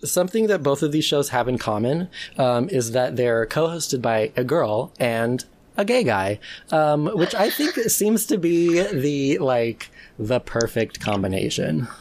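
A man's voice: medium pitch, very animated, a little slow, a little mellow. A man co-hosting a casual podcast, tipsy and rambling with lots of ums and uhs. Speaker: podcast co-host.

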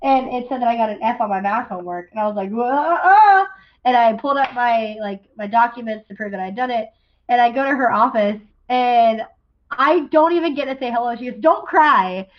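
Higher-voiced young woman, lo-fi sound. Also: fast. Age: young adult. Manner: rambling storyteller, laughing often, with many restarts. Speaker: podcast co-host. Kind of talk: casual chat. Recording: dull lo-fi sound.

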